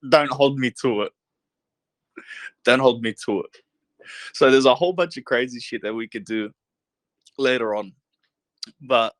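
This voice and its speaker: On a dry recording, a young man with a mid-range voice hosts a casual live talk show as a podcast host, his excitement building as he admits he gets pumped and might start yelling.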